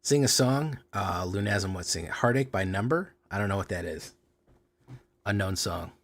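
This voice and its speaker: A man's voice: lowish voice, moderate pace, gravelly. A man hosting a card game stream, talking in a playful, joking way. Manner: playful, joking, lively delivery. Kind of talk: casual stream commentary.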